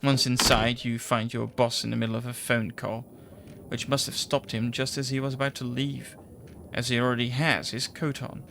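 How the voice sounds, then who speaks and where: A man acting as game master, giving measured, descriptive narration in the second person. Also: medium pitch, level tone, creaky, noisy background.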